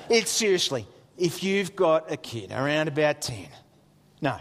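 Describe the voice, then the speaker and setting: A middle-aged man, preaching a sermon as a pastor with lively storytelling and jokey asides. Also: on the high side, moderate pace, big-room sound.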